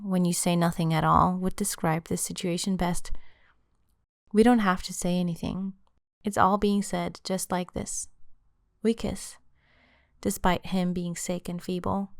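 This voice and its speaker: A woman's voice: on the low side, gravelly, no echo, studio quality. A woman narrating her own book in the first person, in an intimate storytelling manner. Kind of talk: audiobook narration.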